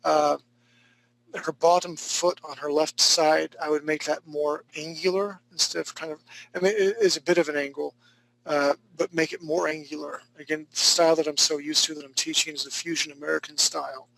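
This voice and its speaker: Male art teacher, fairly high and gravelly, chatty and joking while giving feedback. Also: little pitch movement, moderate pace, a bit bright, rough recording. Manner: joking, laid-back, chatty. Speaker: art instructor. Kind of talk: live online drawing class critique.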